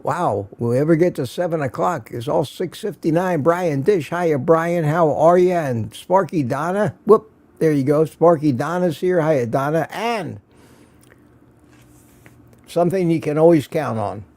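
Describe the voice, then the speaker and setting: His voice is fairly high and darkish, and he takes his time as he chats through a casual morning livestream from his home studio. He greets viewers by name, reads out what they've written, and jokes around.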